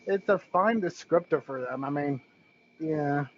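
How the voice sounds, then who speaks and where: A man with a fairly high voice chats as a podcast guest, feeling his way into each point. His audio sounds dull and low-fidelity. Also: a little slow. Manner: hesitant, often opening with "I mean". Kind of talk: casual discussion podcast.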